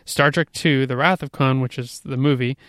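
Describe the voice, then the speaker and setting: A man's voice: mid-range voice, steady tone, moderate pace, fairly bright tone, no echo, clean studio sound. A man co-hosting a podcast, talking earnestly and in detail in casual chat. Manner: earnest, nerdy, detail-minded. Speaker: podcast co-host.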